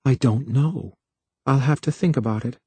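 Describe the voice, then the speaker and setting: A man's voice: mid-range voice, normal speed, dark tone, slightly rough, no room sound. A man voicing a doubtful, gloomy young woman who answers with hesitant questions. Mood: unsure.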